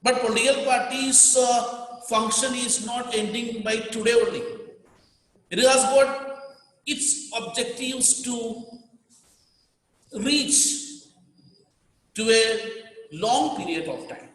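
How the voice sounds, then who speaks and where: Indian male teacher, high voice, emphatic and repetitive, booming hall reverb. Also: takes it slowly, long pauses, a bit bright. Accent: Indian English. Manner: repetitive, emphatic, dictating to students. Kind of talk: classroom lecture.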